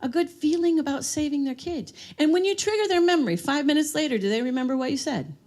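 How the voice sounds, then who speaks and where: High-pitched yet darkish in tone, a woman speaks fast with lively intonation. She's presenting a live seminar on dementia care to a roomful of people, full of stories and questions for them.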